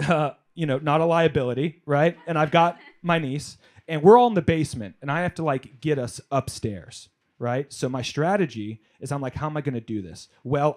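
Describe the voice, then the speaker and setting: Comic on a club stage: a man with a somewhat high voice, animated, doing crowd work. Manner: animated storytelling, crowd work, shouted punchlines. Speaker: stand-up comedian. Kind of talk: stand-up comedy set. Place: comedy club stage, live audience.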